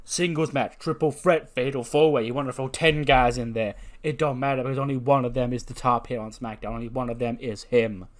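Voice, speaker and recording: A man's voice: medium pitch, steady tone, brisk, few pauses, lightly acted. A man voicing a cocky male wrestler who brashly taunts a rival, stumbling over his words. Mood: taunting. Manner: brash, stammering trash talk.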